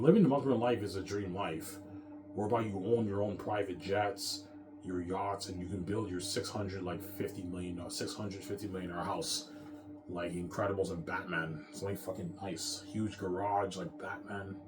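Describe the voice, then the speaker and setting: A man's voice: deep voice, noisy background. A man in a rambling, repetitive monologue, boastful and profane, talking straight to his audience. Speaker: vlogger. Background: music.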